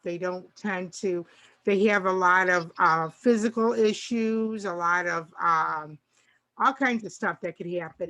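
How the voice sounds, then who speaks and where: An older woman, a grandmother and co-host, talking in a rambling, casual way and acting out little bits of dialogue. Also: lowish voice. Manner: rambling, warm, restarts often and acts out dialogue. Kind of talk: casual chat.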